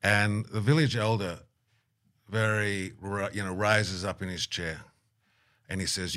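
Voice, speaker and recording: Animated storytelling man. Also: fairly low pitch, unhurried, pauses often. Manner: animated anecdote-teller, acts out quotes, laughs often. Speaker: guest, aid worker. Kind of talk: storytelling interview.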